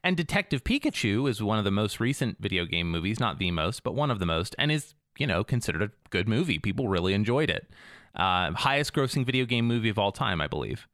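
A man with a fairly low voice talks through films in a relaxed, measured way, co-hosting a podcast. His voice sounds close and dry, with almost no room echo. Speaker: podcast co-host. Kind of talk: casual chat.

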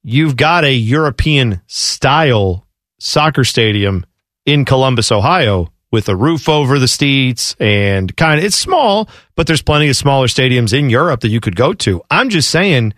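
A man's voice: mid-range voice, unhurried, no echo, studio quality. A man co-hosting a casual sports talk show, joking and riffing playfully. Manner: playful, riffs and jokes, lively ups and downs. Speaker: co-host.

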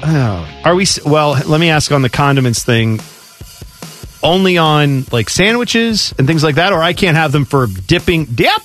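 A man's voice: on the high side, expressive, moderate pace, a bit bright, faint music behind. A man co-hosting a sports radio show, laughing easily and talking his answers through in casual banter. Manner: laughing, hedging, talks things through.

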